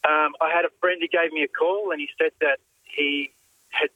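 Halting man caller. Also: a little high, steady tone, sharp tone, no room sound, low-quality recording. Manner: halting, filler-heavy with many "uh"s. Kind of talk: phone-in storytelling. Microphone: phone line.

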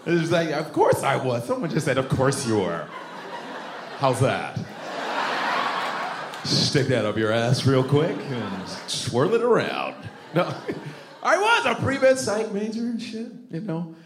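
Comic with a lively, swinging voice. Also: male voice, on the high side, measured pace. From Chicago. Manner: crude, conversational crowd work. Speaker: stand-up comedian. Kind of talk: stand-up comedy set. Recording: roomy club recording with background noise.

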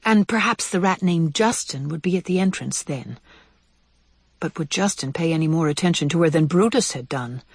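A reader narrating a children's animal story in an expressive storytelling manner. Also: moderate pace, breathy edge, no echo. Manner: expressive, varied pitch.

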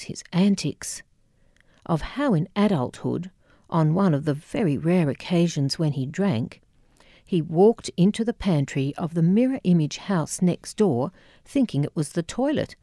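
A woman reading her audiobook memoir in a wry, measured, reflective way. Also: on the low side, big pitch swings, dark tone, dry recording, studio quality. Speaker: memoir narrator.

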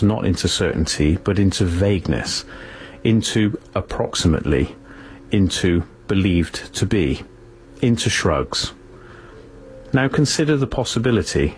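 A man reading scripted narration in a grave tone, with rhetorical questions and careful pauses. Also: on the low side, a little hiss or hum.

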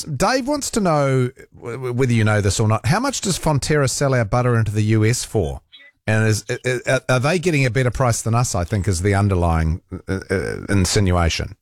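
A man's voice: medium pitch, expressive, normal speed, dry recording, studio quality. A man with a New Zealand accent hosting talkback radio, chatting casually with lots of fillers and restarts. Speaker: radio talk show host. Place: radio studio.

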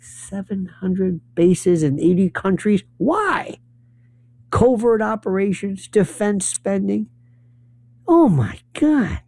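A man with a gravelly, mellow voice rants sarcastically, his pitch leaping up and down as he mocks the people he quotes. The sound is close and dry, with no room behind it. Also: no echo. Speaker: commentator. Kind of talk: monologue.

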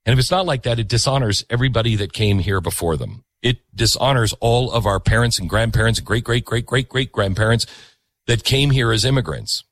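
A man's voice: mid-range voice, fairly quick, no room sound. A man hosting a talk show, delivering an opinionated monologue with emphatic repetition. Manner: animated, emphatic, repeats himself.

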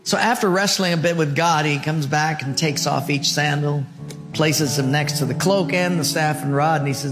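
A man preaching a sermon, telling a story dramatically and swinging between loud and hushed. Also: a little high, moderate pace, music in the background. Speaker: pastor.

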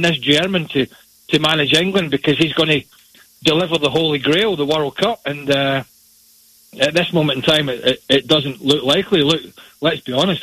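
A man delivers blunt, opinionated soccer analysis in a forceful, bright voice. There is a slight huskiness to it, and the sound is dry and close. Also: on the high side, breathy edge, dry recording, poor audio. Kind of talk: radio sports analysis.

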